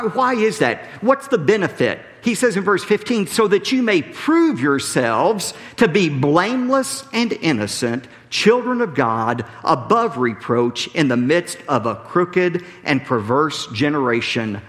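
A man preaching a sermon as a pastor, emphatic, often dropping low and slow on key phrases. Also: big pitch swings, a bit bright. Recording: preached in a large hall with long reverb.

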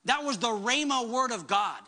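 Lady pastor preaching, acts out quotes, really bright tone. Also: on the high side, animated, moderate pace. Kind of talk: sermon.

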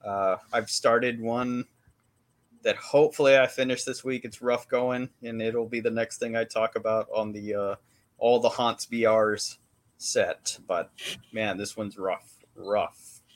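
A man's voice: lowish voice, steady tone, measured pace. Laid-back man recapping a movie. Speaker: podcast co-host. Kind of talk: casual chat.

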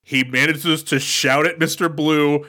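A man co-hosting a casual movie podcast, recapping the plot in an animated way with acted quotes. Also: on the high side, measured pace. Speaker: podcast co-host.

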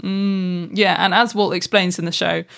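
A woman's voice: fairly low pitch, steady tone, normal speed, gravelly, a bit bright. A woman co-host explaining science in an upbeat, chatty way. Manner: upbeat, explanatory, says "brilliant" often. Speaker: podcast co-host, science communicator. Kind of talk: casual podcast chat.

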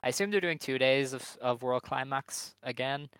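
A man co-hosting a wrestling podcast, speculating in a relaxed way with lots of ums and hedges. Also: mid-range voice, normal speed, smooth, dry recording. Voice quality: hesitant, hedging, many fillers. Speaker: podcast co-host. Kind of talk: casual chat.

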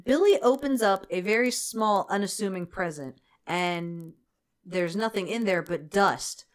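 A woman's voice: mid-range voice, unhurried. A woman co-hosting a casual podcast, recapping a movie with profane, sarcastic humor and frequent laughter. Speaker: podcast co-host.

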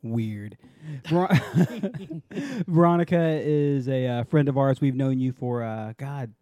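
A man's voice: medium pitch, slow, warm tone, no echo, highs cut off. A man hosting a casual podcast, joking loosely and laughing often. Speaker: podcast host.

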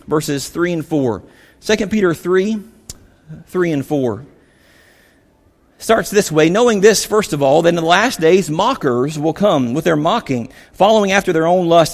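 A man preaching a sermon as pastor, animated, acting out the voices of biblical figures as he retells the story. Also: high voice, in a large hall.

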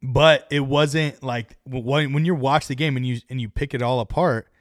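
A man co-hosting a casual sports podcast, talking in quick excited bursts. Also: mid-range voice, dry recording, clean studio sound. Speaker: podcast co-host.

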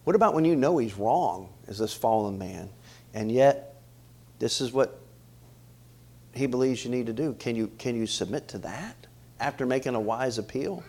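A middle-aged male pastor preaching a sermon in an animated way, often repeating words and asking the congregation questions. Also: mid-range voice, moderate pace.

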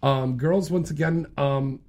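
A man's voice: on the high side, slow, a little mellow. A man hosting a late-night talk radio show, chatting loosely and joking with his guests and callers. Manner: loose, joking, laughs often. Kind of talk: casual talk radio chat.

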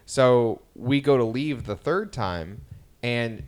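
A man's voice: mid-range voice, slow pace, clean tone. A man in his thirties co-hosting a podcast, telling family stories in casual chat and acting out what his kids said. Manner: lively storytelling, acting out his kids' lines. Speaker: podcast co-host.

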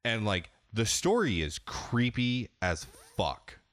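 Man, very low voice, dry close sound, casual rambling game chat, candid. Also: big pitch swings, slow pace, fairly bright tone, no room sound. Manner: rambling, candid, restarts sentences. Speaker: podcast host.

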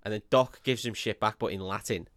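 A man's voice: on the low side, fairly quick, fairly bright tone, dry recording, clean studio sound. A man, co-hosting a podcast and recapping a film in casual, sweary chat, laughing often and putting on drawls for quotes.

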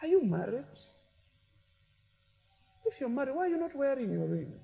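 A male pastor preaching a lively sermon in a large church hall, mixing shouted peaks with playful asides. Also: very high voice, moderate pace, gravelly, breathy edge. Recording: long hall reverb from a church.

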